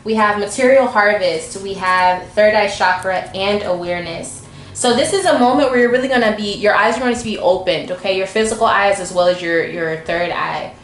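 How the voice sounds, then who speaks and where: A woman's voice: mid-range voice, normal speed. Chatty woman reading tarot in an echoey room. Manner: chatty and informal, acts out the viewer's thoughts. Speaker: tarot reader. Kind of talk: casual tarot reading to camera. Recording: echoey room, faint background noise.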